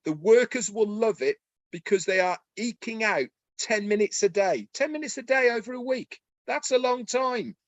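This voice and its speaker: A man speaking excitedly on a promotional webinar, folksy and persuasive. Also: high voice, normal speed, no echo, rough recording. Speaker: webinar co-presenter. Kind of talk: enthusiastic promotional webinar talk.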